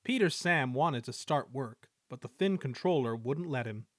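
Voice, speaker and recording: A man reading a children's railway story aloud in a measured, expressive way. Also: mid-range voice, dry recording, clean studio sound. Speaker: reader.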